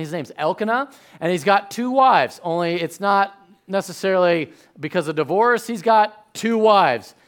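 A man preaching a sermon as a pastor, talking in a casual way, often checking in with the congregation and dropping to a hushed voice in prayer. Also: a little high. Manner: conversational preaching, checks in with "okay?"; hushed, soft-spoken in prayer.

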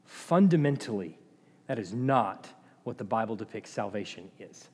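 A man preaching a sermon as pastor, passionate, rising to loud emphatic peaks and dropping to low, quiet asides. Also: animated, moderate pace, husky. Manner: impassioned, swings between loud and quiet. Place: church sanctuary. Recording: long hall reverb.

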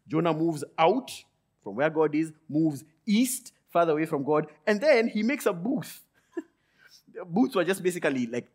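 A man delivering a sermon in a fairly high voice. He swings between loud, emphatic peaks and low, quiet asides. Now and then he drops into quick, grumbling asides as if voicing someone else's thoughts. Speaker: pastor.

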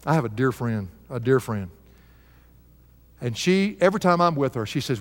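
A man's voice: mid-range voice, lively intonation, normal speed, long reverb tail. An older man preaching a heartfelt sermon, asking the congregation questions.

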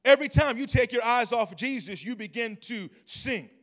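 High-voiced pastor preaching with swings in volume. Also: male voice, lively intonation, normal speed. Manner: storytelling preacher, swinging from low asides to loud emphatic calls; talks to the congregation and asks for responses. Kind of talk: sermon. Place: church.

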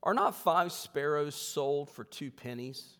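Guy pastor giving a sermon, slightly high voice, long echo off the church walls, jokey and chatty. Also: fairly bright tone. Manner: humorous, conversational preaching with slow emphatic scripture reading. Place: church sanctuary. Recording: long hall reverb.

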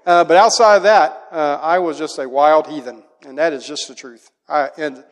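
High-voiced male pastor in a reverberant hall. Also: normal speed. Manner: animated storytelling, acts out a child's voice in quotes. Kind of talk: sermon with personal stories.

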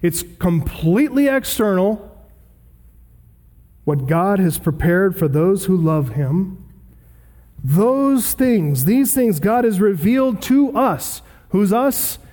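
A man preaching an expository sermon as pastor, emphatic and slowing down to stress scripture quotations. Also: high-pitched, very animated, mellow.

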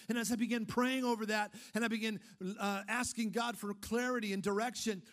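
A man preaching a sermon, firing off emphatic rhetorical questions and then dropping into a low, casual storytelling tone. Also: fairly even intonation, fast, hardly any pauses, fairly bright tone. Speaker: pastor.

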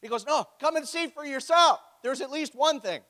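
A man's voice: very high-pitched, normal speed, sharp tone. A man preaching a sermon as pastor, with a joking, conversational storytelling manner. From Ontario, Canada. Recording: echoey hall.

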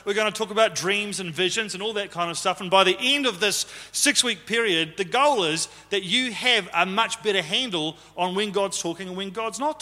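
A man's voice: high voice, pushed and bright. A man, possibly, preaching a conversational sermon to his church and teasing the congregation. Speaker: pastor. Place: church hall. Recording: live sermon with long hall reverb.

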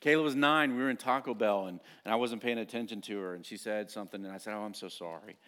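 Animated middle-aged man preaching a sermon. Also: fairly low pitch, fast talker, clear, resonant tone. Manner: storytelling, animated and self-mocking. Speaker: pastor.

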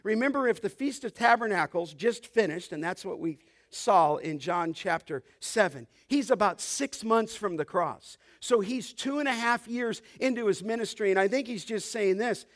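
A male pastor preaching an expository sermon, pressing his points hard and getting louder on scripture. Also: high-pitched, animated, moderate pace, few pauses. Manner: emphatic preaching, rising loud on scripture.

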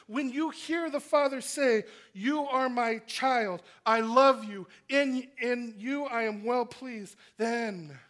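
Man preaching, earnest, swings from loud to hushed, high voice. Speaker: pastor. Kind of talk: sermon.

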